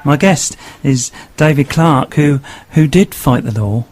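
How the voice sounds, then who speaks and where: A male radio host with a mid-range voice interviews a guest. He asks halting questions with many restarts. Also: mid-range voice, animated, a little mellow.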